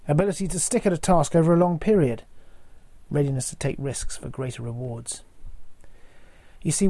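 A man, preaching a sermon in a measured way and posing rhetorical questions to the listeners. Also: medium pitch, dark tone. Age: 40s.

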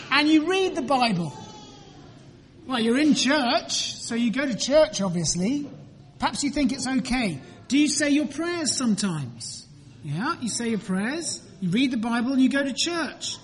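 A woman's voice: high-pitched, lively intonation, faint music behind. A woman leading a children's talk in church, asking the children questions and waiting for answers. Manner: slow, clear, deliberate. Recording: reverberant church room.

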